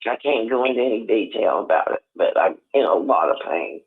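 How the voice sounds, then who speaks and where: An older man calling in on the phone, talking in a rambling, halting way with many restarts. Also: on the low side, animated, a little hiss or hum. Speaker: caller. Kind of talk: casual phone chat. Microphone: telephone. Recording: tinny phone line.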